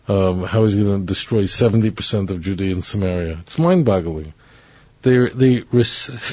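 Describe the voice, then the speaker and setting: A man's voice: medium pitch, breathy edge, no echo. A man delivering an opinionated monologue as a commentator, talking bluntly and emphatically, repeating his points and restarting sentences. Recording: dull lo-fi dry recording.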